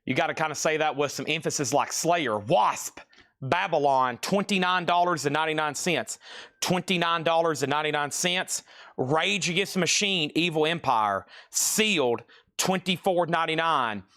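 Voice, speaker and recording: A man hosting a live-stream record auction, rattling off prices and bids in quick, playful sales patter. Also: on the high side, pushed and bright.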